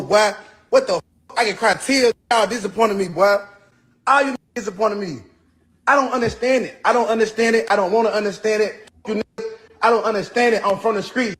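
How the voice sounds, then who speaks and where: In a played clip, a brisk man with a high-sitting, fairly bright voice rants defiantly over faint background music. It's a heated monologue where he keeps repeating himself and tacks "boy" onto his lines.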